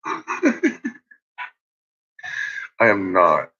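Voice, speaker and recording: A man rambling casually in a home vlog, swearing a lot and laughing often, dropping to low mutters and rising to loud shouts. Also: drawn-out words. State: uses bottled oxygen. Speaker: vlogger. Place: at home with a dog. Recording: dull lo-fi home recording.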